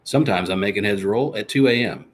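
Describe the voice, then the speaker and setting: Man calling himself by nickname, lowish voice. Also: fast talker, a little hiss or hum. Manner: refers to himself in the third person, boastful persona; reads out and answers viewer comments. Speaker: podcast host. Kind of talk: casual live-stream chat.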